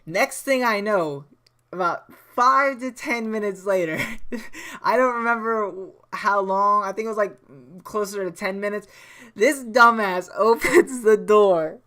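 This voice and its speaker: A young man with a smooth, clean voice tells a story in a loose, easygoing way while he plays a game. He swears freely, laughs often and backtracks over his words as he goes. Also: sits high, measured pace, pushed and bright. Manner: rambling with frequent restarts. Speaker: gaming channel host. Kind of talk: casual storytelling over gameplay.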